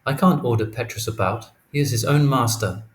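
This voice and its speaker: A man reading a withdrawn young woman's lines, with flat, clipped replies. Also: medium pitch, a little fast, close to an everyday voice. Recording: echoey room, faint noise.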